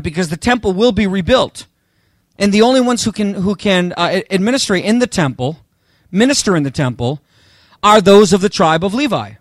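A man's voice: high-pitched, no echo, clean studio sound. A man preaching a sermon with emphatic delivery, talking straight to the congregation. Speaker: pastor.

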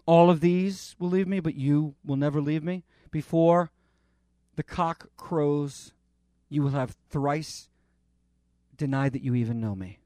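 Man doing a calm sorrowful teacher, soft earnest delivery, dry close sound. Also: a little high, dry recording, lightly acted. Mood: gently rebuking. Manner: quiet, measured, softly earnest.

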